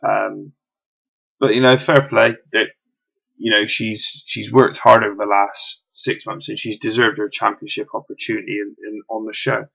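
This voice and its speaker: A man's voice: fairly low pitch, level tone, normal speed, vocal fry, fairly bright tone, husky. A young man giving a casual, rambling solo review with lots of fillers, eager about what he's recapping. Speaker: wrestling show reviewer. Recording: dull lo-fi home recording.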